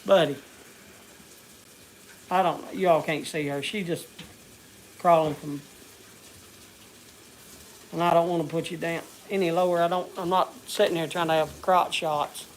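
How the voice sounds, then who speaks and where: A man's voice: a little high, steady tone, unhurried, pauses often, a little hiss or hum. Man, casual stream chat, rambling, folksy. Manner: rambling, folksy, searches for words. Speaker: vlogger.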